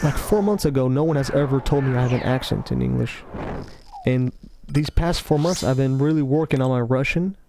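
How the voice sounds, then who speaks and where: A man giving casual, rambling commentary over gameplay, talking slowly with a laid-back, self-interrupting, somewhat mumbled delivery. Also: medium pitch, vocal fry, background noise. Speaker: gaming commentator.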